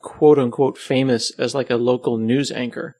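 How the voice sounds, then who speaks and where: A man's voice: mid-range voice, little pitch movement, normal speed, warm tone, no room sound. A man being interviewed on his podcast, chatting casually and joking about himself. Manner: joking, self-deprecating, rambling.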